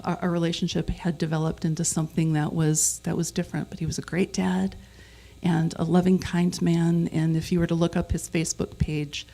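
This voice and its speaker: Guest-preaching in a conversational style, a middle-aged woman corrects herself as she goes and has the congregation repeat phrases back to her. Her voice runs on the low side, warm, with vocal fry.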